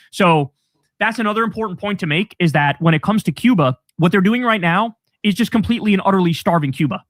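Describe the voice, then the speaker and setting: High-voiced man ranting, dry close sound. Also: quick pace, no echo. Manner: profane, scornful, emphatic. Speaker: political commentator. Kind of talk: heated political rant.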